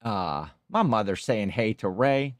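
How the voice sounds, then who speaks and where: A man's voice: on the low side, expressive, unhurried, dry recording, clean studio sound. A man hosting a casual livestream chat, rambling through stories and reading out viewer comments. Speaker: livestream host.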